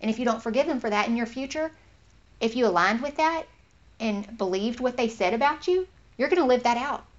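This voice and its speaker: A woman giving an informal Bible teaching in an earnest, conversational way, getting animated when she acts out what others say. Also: on the high side, a little fast. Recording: slightly dull lo-fi recording.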